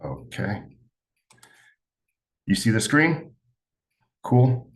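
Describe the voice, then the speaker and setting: A man's voice: lowish voice, sing-song, drawn-out words, background noise. A man hosting an online class, casually thinking aloud as he sets up the meeting. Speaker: meeting host.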